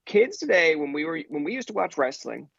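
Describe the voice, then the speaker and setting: A man in his thirties from Newfoundland tells stories as a podcast guest, loose and profane, acting out everyone in them. His voice sits a little high with a gravelly edge. The recording is dull and dry. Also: sing-song, brisk, fairly bright tone, no echo. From Newfoundland, Canada. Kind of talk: casual storytelling chat.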